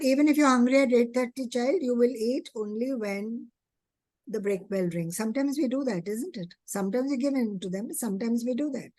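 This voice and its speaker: Woman, earnest trainer, slightly high voice, dry close sound. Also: a little mellow, no echo. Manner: earnest, asks rhetorical questions, acts out child and teacher voices. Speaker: early childhood education trainer. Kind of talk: teacher training talk.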